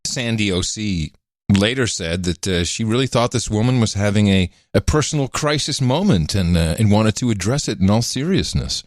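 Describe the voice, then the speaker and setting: Animated male podcast co-host. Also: fairly low pitch, moderate pace, no room sound, studio quality. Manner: animated, mimics voices when quoting. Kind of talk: casual chat.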